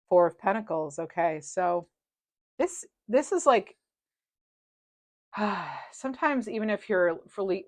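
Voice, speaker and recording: Woman tarot reader, low-ish voice, chatty and reassuring, dry close recording. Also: dry recording. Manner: chatty, reassuring, rambling with fillers. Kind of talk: casual tarot reading to camera.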